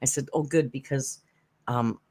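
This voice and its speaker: A woman from Canada hosting a casual live stream from home, chatty and laughing often as she tells stories with dark humor. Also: extremely low pitch, steady tone, a little slow. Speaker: YouTube commentary host. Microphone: headphones with desk mic.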